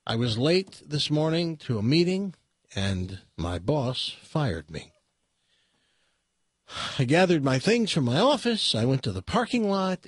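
A man's voice: medium pitch, creaky, breathy edge, no room sound, heavily acted. A man voicing a timid little man in a suit, telling his woes in a mournful, plaintive way.

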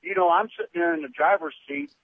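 A man calling into a radio show, telling an amused travel story. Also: quick pace. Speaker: caller. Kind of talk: phone-in storytelling. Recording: gravelly voice over tinny phone line.

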